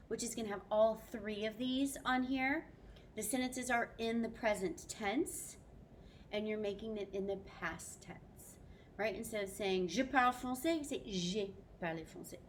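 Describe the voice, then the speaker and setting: A woman's voice: medium pitch, slight background noise. A woman French teacher recording a video lesson for her students, upbeat and mixing French phrases into her English explanations.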